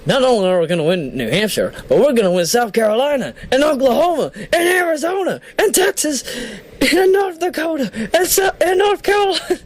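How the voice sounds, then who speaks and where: A woman doing a yelling politician, voice cracking higher. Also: lively intonation, a little fast. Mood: fired up. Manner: escalating, shouted, voice cracking upward. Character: a male politician yelling a rising campaign rally cry.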